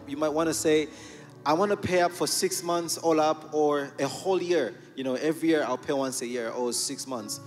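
A man representing a visiting ministry, making playful, joking announcements to a church congregation. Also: a little high. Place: church sanctuary. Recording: church hall reverb with faint music.

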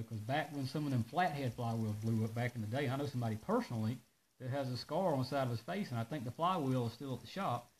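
Hosting a live parts-shop video, a man talks casually and launches into animated rants in a mid-range voice, sounding out of breath. His delivery is loose and drawling, and the low-quality recording carries a faint hiss.

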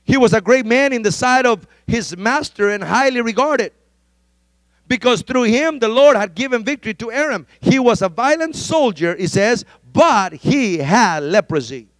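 Male pastor, very high voice, dry close sound, fervent emphatic sermon delivery that builds to shouts. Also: dry recording. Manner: fervent, emphatic preaching with repeated exhortations; rises to shouted pleas.

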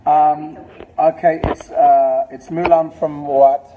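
A young English man reading out fan comments in a casual live-stream chat, quick and chatty with asides. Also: fairly high pitch, level tone, phone-quality sound, noisy background. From England. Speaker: actor reading fan questions.

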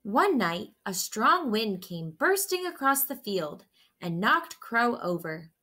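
A woman reading a children's picture book aloud in a slow, gentle, expressive storytelling voice. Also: fairly high pitch.

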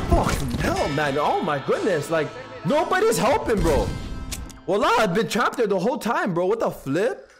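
A young man streaming a video game, giving hyped, joking commentary full of slang, swearing and trash talk. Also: high-pitched. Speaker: gaming streamer. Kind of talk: casual let's-play commentary.

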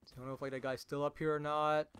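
A young man giving jumpy, excitable live commentary over his own gameplay, filling his talk with "like" and calling out to his teammates. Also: fairly high pitch, very fast, slight background noise. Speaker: gaming channel host.

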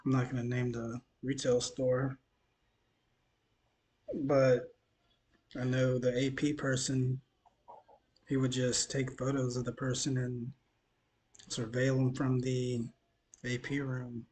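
A man's voice: mid-range voice, monotone, takes it slowly, pauses often, a little mellow, a little hiss or hum. A man from Mississippi, talking loosely in a news commentary vlog, tired and dehydrated after the gym, rambling and stumbling over his words. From Mississippi, USA. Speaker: news vlogger.

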